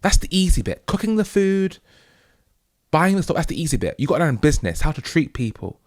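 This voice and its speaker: A man from the UK hosting his own show, delivering an emphatic, preachy monologue that keeps checking in with "okay?" and jumps higher and louder on key points. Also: very animated, brisk, dry recording, clean studio sound. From United Kingdom. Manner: rising to loud high emphasis on key points. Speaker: host. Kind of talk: opinionated monologue.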